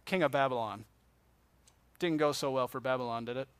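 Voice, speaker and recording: A man's voice: mid-range voice, brisk, smooth, no echo. Man teaching a Bible class, dry sound. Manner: conversational, asks the class questions. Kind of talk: classroom lecture with slides.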